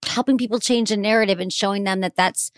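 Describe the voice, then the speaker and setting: A woman's voice: mid-range voice, steady tone, fast talker, dry recording, studio quality. A woman hosting a podcast in casual conversation, playful and teasing as she pushes her guest to tell more. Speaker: podcast host. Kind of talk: casual interview chat.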